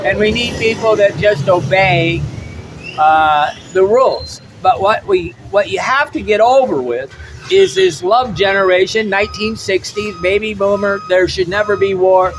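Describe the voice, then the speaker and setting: A man's voice: sits high, lively intonation, measured pace, fairly bright tone, slight background noise, poor audio. A middle-aged American man giving a blunt, rambling opinion monologue, often repeating his words. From United States. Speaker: travel vlogger.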